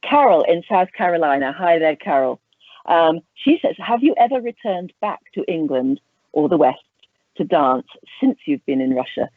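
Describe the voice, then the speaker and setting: A woman's voice: deep voice, very animated, moderate pace, no room sound. A woman hosting an interview, prompting her guest with encouraging questions. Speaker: host, interviewer. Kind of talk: interview conversation. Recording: tinny phone-like line.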